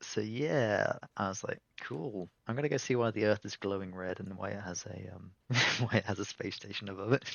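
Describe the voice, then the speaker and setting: A man's voice: on the low side, a little fast, gravelly, a bit bright, no room sound. A man hosting a casual podcast, rambling through a game recap and laughing often. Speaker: podcast host.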